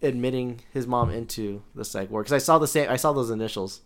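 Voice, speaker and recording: A young man chatting casually with friends, relaxed and hesitant, with lots of fillers. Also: mid-range voice, a little fast. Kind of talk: casual chat.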